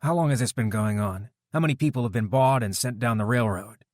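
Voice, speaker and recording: A man's voice: mid-range voice, brisk, no echo, clean studio sound, voice pushed up, natural voice. A man voicing a determined young man who interrogates captors coldly in an audiobook. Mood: commanding. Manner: cold, commanding, relentless. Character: determined young man hunting kidnapped fiancée.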